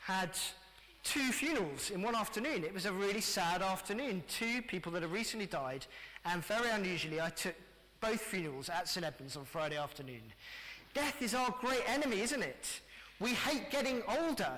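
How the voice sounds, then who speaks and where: A middle-aged English man preaching a lively family sermon in church, often speaking to the children. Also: high-pitched, moderate pace. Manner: lively, addressing children directly. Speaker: pastor. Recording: church hall reverb.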